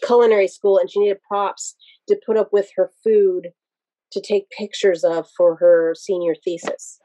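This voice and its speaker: Mellow-voiced woman telling rambling stories. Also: mid-range voice, little pitch movement, moderate pace, no room sound, rough recording. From Pennsylvania, USA. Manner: rambling, digressive, many restarts. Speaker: podcast guest. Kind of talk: casual interview storytelling.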